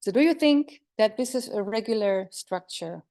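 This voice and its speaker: A woman presents research at an academic conference, explaining in a steady middle-pitched voice. She pauses on fillers and fixes her slips mid-word. Now and then she turns to the audience with a question. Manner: explanatory, with frequent fillers and self-corrections. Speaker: lecturer.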